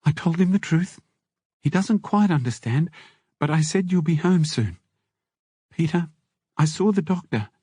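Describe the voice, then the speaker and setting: A man voicing an anxious young pregnant woman speaking on a prison phone call, with a husky voice. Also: on the high side, lively intonation, a little slow, long pauses, warm tone, dry recording, clean studio sound, pitched above the performer's own voice. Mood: worried, tender.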